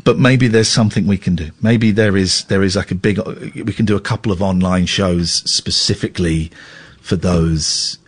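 A man's voice: sits low, normal speed, slightly rough. A man hosting a late-night radio show, joking and self-mocking, rambling with restarts into a studio microphone. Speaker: radio host.

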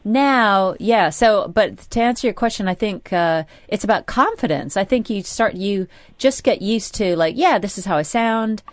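A woman's voice: medium pitch, expressive, normal speed, hardly any pauses, no room sound. A middle-aged woman with an American accent, hosting a late-night radio talk show in a chatty, carefully enunciated way. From United States. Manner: chatty, enunciating, self-deprecating. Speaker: radio host.

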